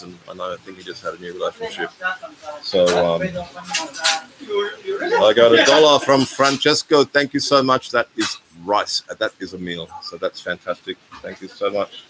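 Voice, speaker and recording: A man in his sixties, hosting a casual live stream and rambling as he thanks donors by name. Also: sits low. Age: 60s. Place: residential complex in Bali. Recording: noisy ambient background.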